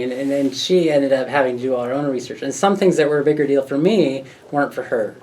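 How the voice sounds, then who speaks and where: An American man recounts his story to an audience gathered in a pub. He is animated, laughs often and acts out the voices of other people. The recording picks him up from a distance, with a faint hum of the room behind him. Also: medium pitch, quick pace, hardly any pauses. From United States. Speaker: speaker at a talk. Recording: distant mic with faint background noise.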